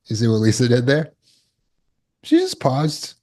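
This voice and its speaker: A man's voice: medium pitch, wildly swooping pitch, unhurried, a little mellow. A man, a trauma recovery coach, giving a conversational teaching talk and acting out short quoted exchanges.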